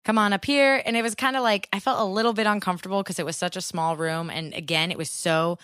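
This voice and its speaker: A woman's voice: fairly low pitch, fairly even intonation, quick pace, fairly bright tone, no room sound, studio quality. A young woman casually telling a long story, full of fillers like "like". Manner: rambling storyteller, many fillers like "like". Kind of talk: casual chat.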